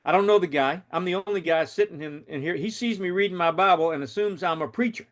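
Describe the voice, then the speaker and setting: A man's voice: sits high, fast talker. A man earnestly retelling a personal faith story in a conversational, dramatic way. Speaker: storyteller and show host.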